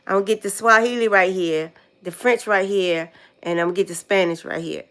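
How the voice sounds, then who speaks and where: A woman's voice: medium pitch, fairly even intonation, normal speed, fairly bright tone. Chatty older American woman livestreaming. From United States. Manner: chatty, repeats words while recalling them. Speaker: vlogger. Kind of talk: casual livestream chat.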